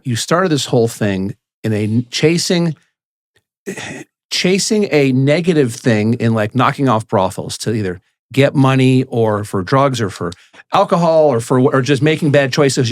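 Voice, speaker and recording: A man's voice: mid-range voice, expressive, normal speed. A man hosting a podcast, asking his guest long, rambling questions that restart often. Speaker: podcast host.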